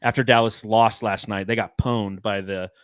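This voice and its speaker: A man's voice: fairly low pitch, steady tone, moderate pace, smooth, no room sound. A man hosting a casual sports podcast, talking in a rambling, profane way. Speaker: podcast host.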